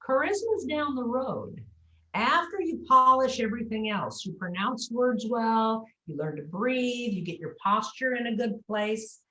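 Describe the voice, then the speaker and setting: Woman, speech coach, lively voice that swings high and low, demonstrates words aloud, echoey room on a video call. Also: unhurried. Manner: animated, demonstrates pronunciation aloud. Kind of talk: coaching interview.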